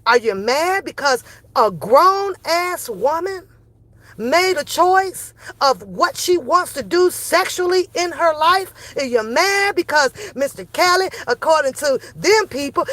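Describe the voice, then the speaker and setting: A woman's voice: high-pitched, a bit bright, no room sound. A middle-aged woman giving a heated, sarcastic opinion rant, full of profanity and repeated rhetorical questions. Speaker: commentary vlogger.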